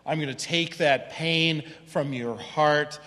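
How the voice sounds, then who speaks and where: A male pastor delivers a sermon in a church. His voice sits high and bright, and he keeps it slow and conversational, tossing in "right?" as he goes. His words ring out with a long hall reverb behind them. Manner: conversational preaching with frequent "right?" asides. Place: church sanctuary.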